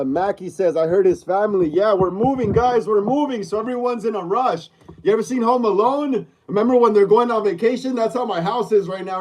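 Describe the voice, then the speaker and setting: A man's voice: high-pitched, noisy background. Upbeat man hosting a home livestream. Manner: repetitive, upbeat greetings while reading chat aloud. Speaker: livestream host. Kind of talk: casual live-stream chat. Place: room at home, mid-move.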